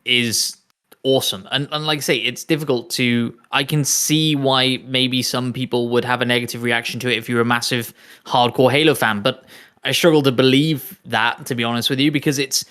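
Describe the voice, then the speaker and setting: A man's voice: mid-range voice, steady tone, moderate pace, sharp tone, clean tone. Agreeable, enthusiastic podcast co-host man. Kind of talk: casual podcast chat.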